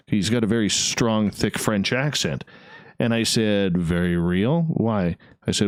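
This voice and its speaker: A man's voice: lowish voice, a little slow, no room sound, studio quality. A man hosting a late-night radio interview, chatty and rambling with a self-mocking streak. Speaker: radio show host.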